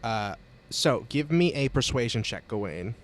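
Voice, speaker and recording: A man running a tabletop game as game master, relaxed and quick to laugh. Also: medium pitch.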